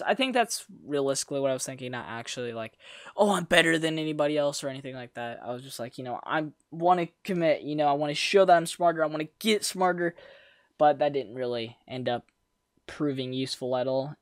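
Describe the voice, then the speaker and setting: In a casual storytime monologue, a young adult vlogger rambles through a school story with slang, self-corrections and sarcastic remarks. Their voice sits at medium pitch, and the studio recording is clean with no echo.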